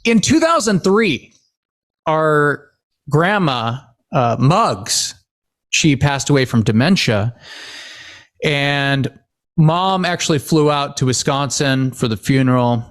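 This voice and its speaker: Speaking slowly in a fairly high voice, a podcast co-host shares family stories in relaxed conversation. He tells them with animation and frequent laughter.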